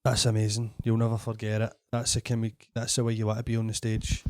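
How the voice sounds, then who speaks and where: Laid-back Scottish podcast host. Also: male voice, on the low side, completely flat delivery, fast talker, dry recording, studio quality. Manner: laid-back, frequent "aye" backchannels. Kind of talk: casual podcast chat.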